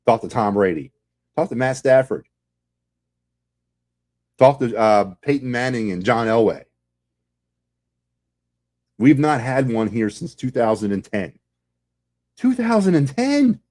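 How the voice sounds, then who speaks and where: A man's voice: mid-range voice, a little slow, long pauses, darkish tone. A man hosting a sports podcast, delivering a heated, sarcastic fan rant full of rhetorical questions.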